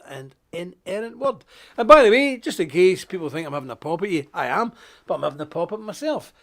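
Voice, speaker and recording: A man hosting a live stream, preaching casually in a jokey, animated way, with loud emphasis and quiet asides. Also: on the high side, vocal fry.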